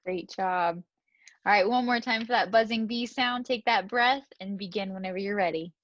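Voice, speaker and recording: A woman acting as a speech clinician, coaching a client through exercises in a gentle, encouraging way. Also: medium pitch, normal speed, no echo, dull audio. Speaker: student speech-language clinician. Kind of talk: clinical exam instructions.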